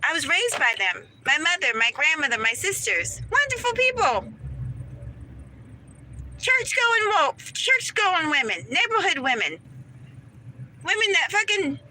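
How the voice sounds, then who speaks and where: A woman's voice: extremely high pitch, very animated, unhurried, pauses often, pushed and bright, a little hiss or hum, poor audio. A woman dental hygienist ranting to her viewers in a casual vlog, emphatic and preachy, talking straight to the camera.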